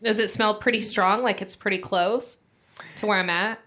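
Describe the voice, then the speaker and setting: A woman at a tabletop game, asking eager questions about what her character can sense and do. Her voice sits at an ordinary pitch in a casual tone. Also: fairly even intonation, normal speed, sharp tone. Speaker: player.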